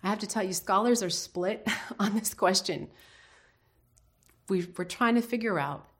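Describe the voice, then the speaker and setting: A woman's voice: medium pitch, a little slow. A woman teaching a devotional Bible lesson in an earnest, reflective way, putting questions to her listeners.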